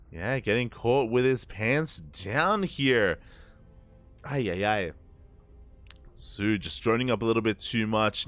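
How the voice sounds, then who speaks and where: Young male game caster, just woke up, slurred delivery, jumps to excitement in fights, faint music underneath. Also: fairly low pitch. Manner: excitable, drowsy between fights. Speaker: esports caster. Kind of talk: live game commentary.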